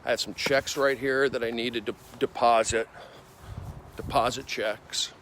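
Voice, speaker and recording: A male comedian livestreaming on his phone while walking city streets, rambling excitably with repetitive bursts of loud emphasis. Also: mid-range voice, a little slow, slight background noise. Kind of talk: rambling walk-and-talk livestream.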